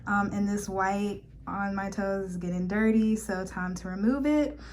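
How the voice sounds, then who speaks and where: A woman's voice: mid-range voice, steady tone, a little slow, a little mellow, a little hiss or hum. Bubbly young woman vlogging at home. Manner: bubbly, peppers talk with "honey" and "period". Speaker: beauty vlogger. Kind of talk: casual vlog chat.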